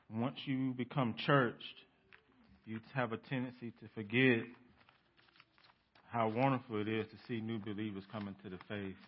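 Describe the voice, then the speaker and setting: A man's voice: mid-range voice, lo-fi sound. A male pastor preaching a sermon in an earnest, reflective way.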